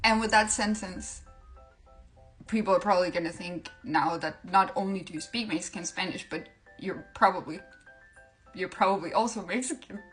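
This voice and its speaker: A woman's voice: fairly low pitch, normal speed, soft background music. A woman giving a comedic language tutorial, playful and often breaking into laughter. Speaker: language-tips creator.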